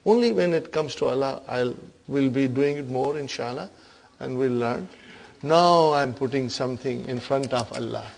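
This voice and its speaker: A man's voice: mid-range voice, normal speed, gravelly, low-quality recording. A man teaching an Arabic grammar class, quizzing his students with repeated questions and slipping into Urdu phrases now and then. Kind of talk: classroom lecture.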